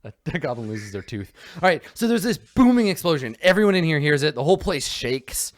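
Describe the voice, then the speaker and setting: Guy dm narrating a tabletop game, bouncy voice, keeps cracking up. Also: fairly high pitch. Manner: laughing often, excited, quick asides. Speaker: game master.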